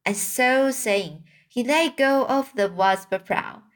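A woman reading a children's novel aloud, slowly, with small slips and restarts. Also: fairly high pitch. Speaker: reader.

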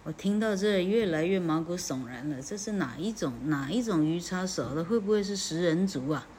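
A woman reading a classic story aloud and translating it as an English teacher, in a lively, chatty way. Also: fairly low pitch, fairly quick, a little hiss or hum. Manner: lively, chatty, self-correcting.

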